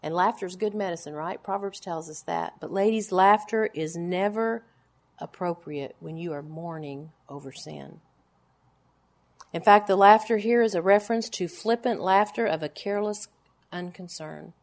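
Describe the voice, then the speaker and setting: A woman in her forties preaching a sermon to a gathering of women, pressing her points with emphatic, repeated words and then dropping to hushed, low lines. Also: moderate pace. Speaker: women's Bible teacher.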